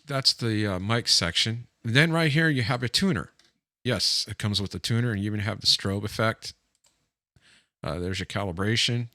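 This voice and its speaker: A man casually demonstrating guitar software on screen, thinking aloud with lots of fillers and easily pleased by each feature. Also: low voice, creaky, dry recording, studio quality. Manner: easily delighted, keeps saying it's cool. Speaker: gear reviewer walking through software. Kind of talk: casual screen-share demo.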